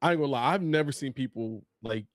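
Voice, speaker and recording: A man co-hosting a casual podcast, chiming in with quick reactions and easy laughter. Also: medium pitch, no room sound, studio quality. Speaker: podcast co-host. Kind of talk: casual chat.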